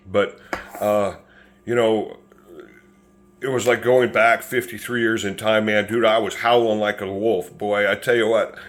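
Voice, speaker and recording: A man in his fifties with a lowish voice spins a casual story to camera. He rambles in a folksy way, restarting sentences and chuckling as he goes. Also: a bit bright. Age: 50s.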